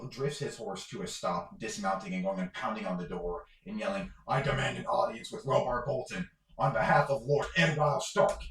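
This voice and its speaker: Brief: male game master, deep creaky voice, loose rambling narration, echoey room. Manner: rambling, filler-heavy narration.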